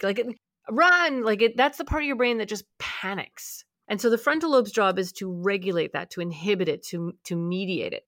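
A woman's voice: mid-range voice, moderate pace, fairly bright tone, dry recording, studio quality. A woman hosting a conversation, eagerly explaining how the brain works and acting out the voices inside it.

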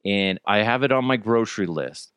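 A man's voice: lowish voice, moderate pace, smooth, dry recording. A middle-aged man hosting a casual solo podcast, telling crude jokes and stories while hiccuping. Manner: crude, joking, animated storytelling. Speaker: podcast host.

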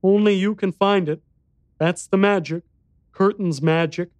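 A man voicing a small, frightened boy who speaks quietly, gravely and matter-of-factly. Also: high-pitched, steady tone, measured pace, dry recording, pitched above the performer's own voice.

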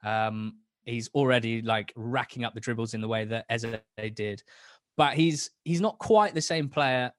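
Young man, football podcast guest, eager rambling chat, mid-pitched voice, dry close sound. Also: normal speed, no room sound. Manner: enthusiastic, rambling, many restarts. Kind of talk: casual chat.

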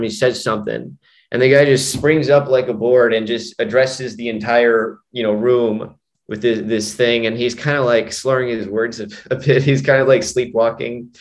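A male hypnotist and mind coach, appearing as a guest in a relaxed interview, has a mid-range voice at a moderate pace. His long tale wanders, littered with "you know" and "like," with many restarts.

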